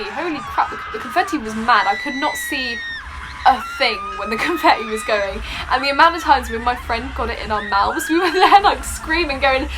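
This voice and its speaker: A young woman telling a story in a casual vlog, excitable and gushing, laughing often. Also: a little high. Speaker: vlogger.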